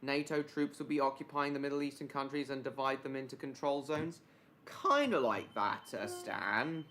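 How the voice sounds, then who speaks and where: A man hosting a casual live stream, his voice at an ordinary middle pitch. He rambles through his ideas with lots of basically and reckon, breaking off mid-sentence to greet and answer viewers by name. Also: a bit bright, a little hiss or hum.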